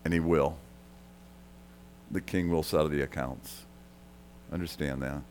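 A man preaching a sermon, talking straight to the congregation, dropping to a quiet murmur and then rising loud for emphasis. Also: steady tone, measured pace, a little hiss or hum. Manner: swings from soft and quiet to loud and high for emphasis; conversational, addresses listeners directly. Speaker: pastor.

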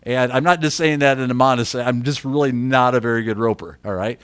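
A man preaching a sermon as a story, chatty and repetitive, breaking into loud acted shouts. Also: medium pitch, a little fast, clean tone. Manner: animated storyteller who shouts quoted lines; conversational, repeats himself.

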